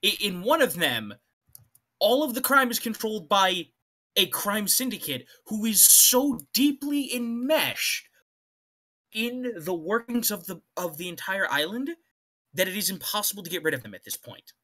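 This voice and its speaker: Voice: mid-range voice, very animated, normal speed, sharp tone. A co-host of a casual comedy show, ranting with exasperated disbelief about the story being read.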